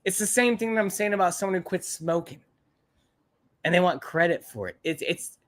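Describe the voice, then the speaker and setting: A man's voice: sits high, expressive, fairly quick, fairly bright tone. A man hosting a livestream, chatting casually with viewers in a rambling, blunt, profane way and often repeating himself. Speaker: livestream host. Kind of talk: casual chat to live viewers.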